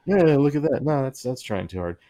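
A man's voice: medium pitch, sing-song, brisk, a crowd in the background. A man co-hosting a podcast in casual chat, rambling and often breaking into laughter mid-sentence. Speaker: podcast co-host.

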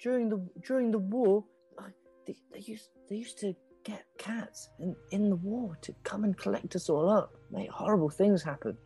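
A man's voice: high-pitched, normal speed, mellow, husky, faint music behind, pitched above the performer's own voice, heavily acted. A man voicing a nervous young male rat soldier who stammers and hesitates, during a tabletop game. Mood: worried.

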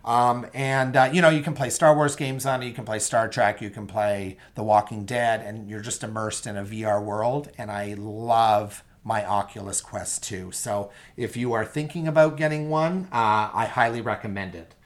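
A man's voice: fairly low pitch, steady tone, normal speed, hardly any pauses. A young man hosting a solo podcast, chatting casually and enthusiastically with many ums and asides to his listeners. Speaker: podcast host.

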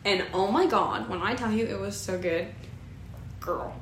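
A woman's voice: mid-range voice, unhurried, reverberant, slight background noise. A young woman co-hosting a casual chat, gushing about food and laughing often. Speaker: podcast co-host.

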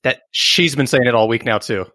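A man's voice: medium pitch, moderate pace, sharp tone, no room sound, studio quality. A man co-hosting a podcast in casual banter, teasing and enthusiastic. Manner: teasing, enthusiastic about his research. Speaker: podcast co-host.

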